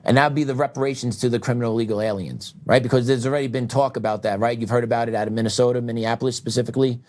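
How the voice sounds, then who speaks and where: A man's voice: mid-range voice, fairly even intonation, rapid-fire, a little mellow. A middle-aged man hosting a show, delivering a heated political commentary monologue with asides and short laughs. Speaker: show host.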